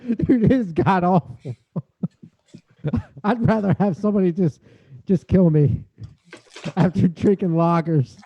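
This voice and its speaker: A man's voice: high voice, a little slow, long pauses, highs cut off. A man guesting on a casual podcast, joking and laughing often, saying "dude" a lot. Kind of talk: casual roundtable chat.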